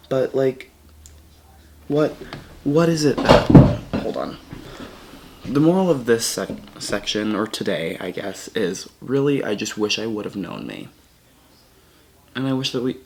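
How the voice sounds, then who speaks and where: A man's voice: medium pitch, a little hiss or hum. A man talking to camera in a casual, reflective vlog, rambling and correcting himself as he goes. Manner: rambling, self-correcting, earnest. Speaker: vlogger.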